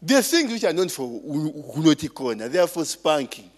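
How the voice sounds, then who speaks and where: A man's voice: fairly high pitch, sing-song, normal speed. A man preaching a sermon, calling out for responses from the congregation and cracking jokes in between. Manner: call-and-response with the congregation, joking asides.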